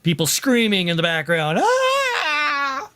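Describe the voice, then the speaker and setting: A man running a tabletop role-playing game as game master, cutting in with quick rulings and calls to the players. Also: a little high, lively intonation, a bit bright. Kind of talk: narrating a tabletop game over voice chat.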